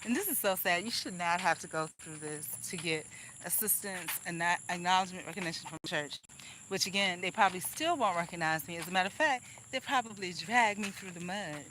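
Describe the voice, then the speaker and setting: A woman's voice: lowish voice, fairly quick, pushed and bright, a little hiss or hum, poor audio. A woman venting angrily in a casual vlog monologue, rambling with restarts and laughs. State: angry. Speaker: vlogger.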